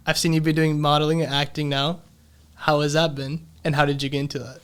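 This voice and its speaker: A young adult podcast host who asks loose, rambling questions and fills pauses with "um" and "like.". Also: medium pitch, level tone, fairly bright tone, clean tone. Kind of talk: casual interview chat.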